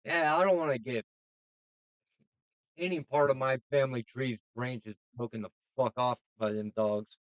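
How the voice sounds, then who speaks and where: A man hosting a reaction video, talking casually, getting excited and swearing as he thinks aloud. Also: mid-range voice, normal speed, no room sound, dull audio.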